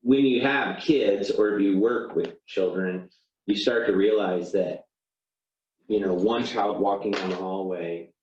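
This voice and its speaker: A low-voiced man lectures to a class in an easy, chatty way and acts out little sample apologies as he goes. He is recorded from across a roomy classroom with a dull, muffled sound. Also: darkish tone, recorded from a distance, slight background noise. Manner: conversational, acts out sample apologies, many "you know"s. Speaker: teacher.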